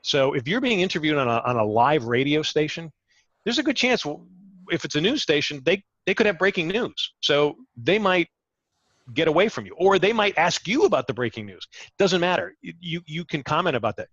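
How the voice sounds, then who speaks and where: Middle-aged man, ex-TV reporter, energetic guest who stumbles into sentences; dull, dry call audio. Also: a little high, brisk, dry recording. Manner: energetic, repeats words when starting sentences. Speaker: interview guest, former TV reporter. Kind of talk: conversational advice.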